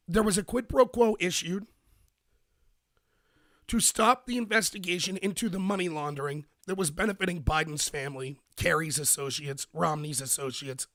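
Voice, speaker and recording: Animated, high-pitched male political streamer. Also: dry recording, studio quality. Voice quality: slightly rough voice. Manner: animated and emphatic, bursts of rapid speech. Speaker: political commentary host. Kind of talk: live-streamed political commentary.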